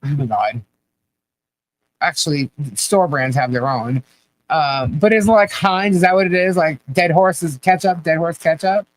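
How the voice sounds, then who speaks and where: A woman's voice: deep voice, moderate pace, low-quality recording. A woman hosting a casual live chat, laughing often and asking puzzled questions as she reads viewer comments. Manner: laughs often, baffled questions, repeats herself.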